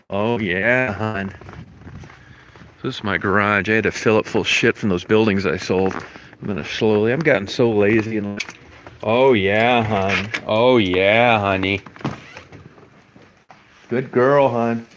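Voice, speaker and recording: A man's voice: on the low side, a bit bright, slight background noise. A man, filming a casual vlog as he gets home, talking offhand and cooing to his dog. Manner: coos affectionately to his dog, calling her hon; rambling, offhand, swears casually. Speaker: vlogger. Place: arriving home in snowy weather, garage and house.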